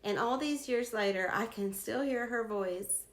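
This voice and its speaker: A woman's voice: on the high side, a little slow, hardly any pauses. A woman in her fifties tells a personal story in a reflective, emphatic way, drawing a life lesson from her past. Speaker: speaker sharing life lessons. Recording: roomy echo.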